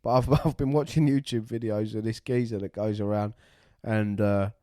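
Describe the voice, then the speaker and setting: A man's voice: lowish voice, steady tone, normal speed, mellow, dry recording, clean studio sound. A man, hosting a podcast and telling a story casually, swearing freely and acting out the voices of the people he met. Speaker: podcast co-host.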